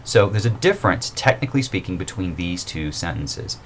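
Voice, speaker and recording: A man with a very low voice walks through a grammar lesson in a loose, conversational way. He pauses on fillers and corrects himself as he goes. A faint hiss sits under the recording. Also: lively intonation. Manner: informal and explanatory, with fillers and self-corrections. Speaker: writing instructor. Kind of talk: recorded mini-lecture.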